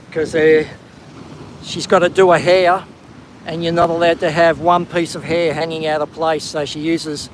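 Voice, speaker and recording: A man's voice: on the high side, slight background noise, rough recording. A man with an Australian accent hosting a live stream while walking outdoors, chatting casually and greeting viewers by name. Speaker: livestream host. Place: outdoors on a windy coastal headland.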